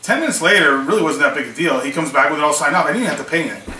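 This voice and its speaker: A man tells a story in a casual vlog, acting out both sides of each exchange. His voice sits fairly high and sounds bright. The mic is set back from him in an echoey room, with a faint hiss underneath. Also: lively intonation, rapid-fire, distant mic. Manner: recounts events, acting out both sides of conversations. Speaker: small online seller vlogger.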